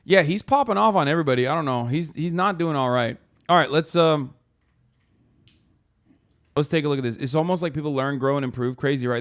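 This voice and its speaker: A man hosting a casual live stream, reacting to posts with animated, profane commentary. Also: mid-range voice. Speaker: streamer host.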